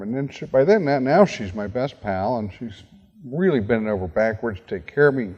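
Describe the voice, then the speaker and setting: Man, middle-aged, guest speaker, animated storytelling, acts out dialogue, mid pitch, long hall reverb. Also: moderate pace, slightly rough, dull audio. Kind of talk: storytelling talk to a university audience.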